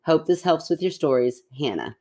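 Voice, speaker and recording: A woman with a very deep voice co-hosts a chatty podcast. She reads listener stories aloud in an animated way and reacts with quick laughs and gasps. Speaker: podcast co-host. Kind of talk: casual chat and reading listener stories aloud.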